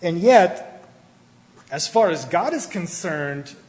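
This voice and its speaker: Animated preacher man in a reverberant hall. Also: sits high, slow pace. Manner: animated, rising to emphatic peaks, with many restarts. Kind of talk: sermon. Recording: hall reverb with faint ambient noise.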